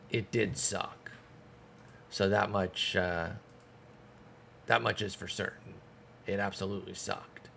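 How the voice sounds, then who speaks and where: Low voiced guy grumbling thru his baseball sim stream, sarcastic, swears a lot, gravelly. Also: fairly bright tone, slight background noise. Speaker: streamer playing a baseball management game. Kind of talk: casual gameplay commentary.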